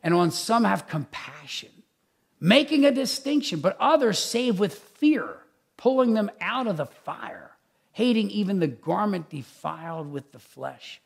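A man who is a pastor, preaching a conversational sermon in an animated, chatty way with many asides. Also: high-pitched, a little slow, creaky.

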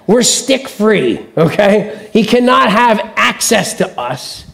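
Male pastor, chatty animated preaching style, raspy fry, higher register. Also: takes it slowly. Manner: conversational, animated storytelling with acted-out voices. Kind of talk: sermon.

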